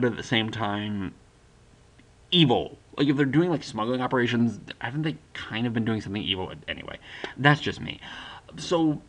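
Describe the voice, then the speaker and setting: Bright-voiced young man rambling through a plot. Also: mid-range voice. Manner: rambling, lots of "like", acts out characters' lines. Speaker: book reviewer. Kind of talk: casual plot summary.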